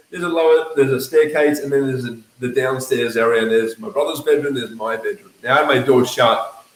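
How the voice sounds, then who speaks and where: Energetic Australian man in a roomy space. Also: mid-range voice. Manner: energetic, acts out quoted voices. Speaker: network marketing coach. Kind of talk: animated motivational storytelling.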